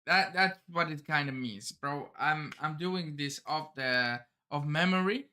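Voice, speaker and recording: A man's voice: a little high, a little slow, pushed and bright. A man hosting a live manga reaction, rambling and often stumbling and restarting his sentences. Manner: rambling, self-interrupting, stumbles over words.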